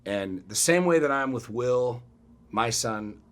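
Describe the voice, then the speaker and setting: A middle-aged man co-hosting a podcast, telling a story in a blunt, profane, animated way. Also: mid-range voice, slow. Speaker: podcast co-host. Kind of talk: casual chat.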